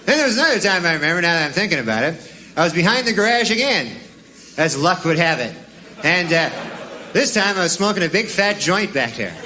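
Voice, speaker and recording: A male comedian telling stand-up bits and mock news jokes in a deadpan, drawling way with wry asides. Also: high-pitched, brisk. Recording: old TV audio with audience laughter and hiss.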